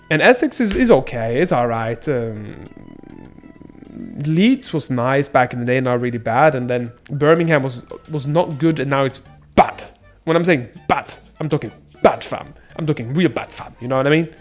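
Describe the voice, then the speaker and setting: A man streaming in casual chat, rambling with many fillers and restarts and swearing bluntly. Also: fairly high pitch.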